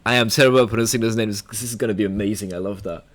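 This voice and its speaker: A man's voice: fairly low pitch, steady tone, racing. A man with a French accent, a music producer giving a casual, rambling, playful livestream tutorial.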